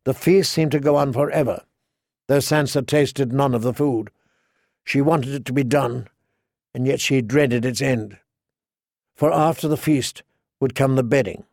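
A man narrating a fantasy novel in an audiobook with measured, even storytelling. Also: mid-range voice, gravelly, dry recording, studio quality.

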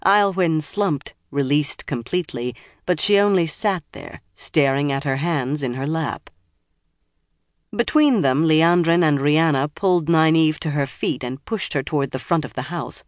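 An audiobook narrator reads fantasy prose at a steady, measured pace. The voice sits in the middle register and is recorded close and dry, with no room sound. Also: medium pitch, no echo.

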